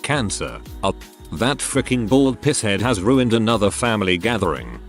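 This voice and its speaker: Lively low-voiced man reading stories. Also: moderate pace, soft background music. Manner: reads first-person anecdotes aloud in a steady storytelling delivery. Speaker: story narrator. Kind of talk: scripted narration of online posts.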